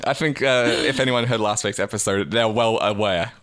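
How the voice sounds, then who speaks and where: A man's voice: fairly low pitch, moderate pace, fairly bright tone. A man co-hosting a comedy podcast, chatting casually and tossing in wry, dry jokes. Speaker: podcast co-host.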